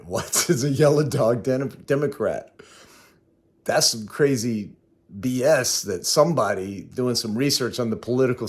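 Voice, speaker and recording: A man vlogging a casual spoken recap of his day, rambling and correcting himself as he goes. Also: fairly low pitch. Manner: conversational, rambling, self-correcting. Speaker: travel vlogger.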